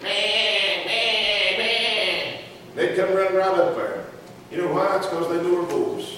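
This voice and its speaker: A man's voice: high-pitched, animated, a little fast, recorded from a distance, a little hiss or hum. A man preaching a sermon in a church, moving from folksy storytelling into fervent preaching. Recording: echoey hall, voice from afar.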